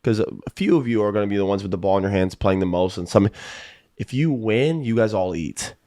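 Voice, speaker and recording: A man hosting a sports podcast, talking casually and rambling through basketball talk in a relaxed way. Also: on the low side, a little fast. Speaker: podcast host.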